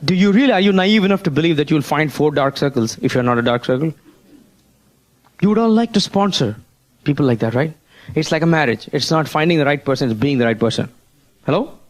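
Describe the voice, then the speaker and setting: Drawing on a board as he goes, a man with a high voice gives a motivational business seminar, needling listeners with rhetorical questions and calls of "Hello?"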